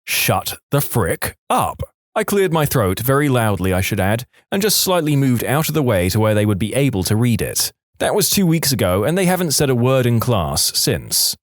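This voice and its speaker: A man's voice: mid-range voice, very animated, normal speed, hardly any pauses, no room sound. A man narrating online stories aloud with a dry, wry delivery on a close microphone. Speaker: story narrator.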